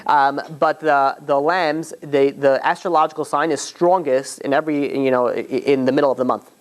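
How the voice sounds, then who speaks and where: A man's voice: fairly high pitch, steady tone, normal speed. A man teaching as a rabbi, telling a story informally to a class, with many restarts and asides, and acting out the quotes. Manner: chatty, with frequent restarts and "you know"s, acts out quotes.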